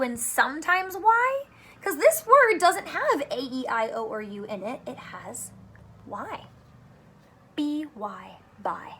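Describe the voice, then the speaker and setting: A woman teacher giving a phonics lesson to young children, speaking slowly and clearly in a sing-song, playful way. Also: a little high, fairly bright tone.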